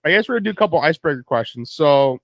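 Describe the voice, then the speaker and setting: A man's voice: on the high side, animated, very fast, fairly bright tone, no room sound. A young Canadian man co-hosting a podcast, asking questions in an easygoing, joking way. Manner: easygoing, joking interviewer with frequent agreement. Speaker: podcast co-host. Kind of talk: casual chat.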